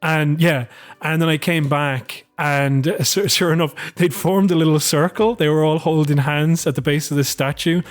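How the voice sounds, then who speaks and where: A man co-hosts a podcast in casual, animated chat. He rambles and swears as he tells a story, and his voice sits a little high. Faint music plays behind him. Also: normal speed, hardly any pauses. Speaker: podcast co-host.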